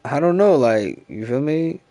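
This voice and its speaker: A man's voice: fairly high pitch, expressive, slow, warm tone, dry recording. A man in his thirties, a gaming streamer, ranting casually in profane, slangy talk full of repeated fillers, into a headset mic. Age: 30s. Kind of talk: casual rambling rant.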